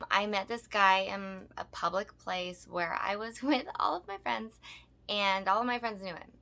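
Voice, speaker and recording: Woman, podcast co-host, casual storytelling, blunt, swears freely, laughs a lot, bright tense tone. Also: mid-range voice, a little slow, vocal fry. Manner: blunt, profane and laughing often.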